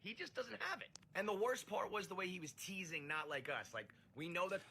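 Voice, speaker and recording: A man's voice: high-pitched, animated, brisk, creaky. A man giving emphatic, opinionated commentary in an argumentative tone.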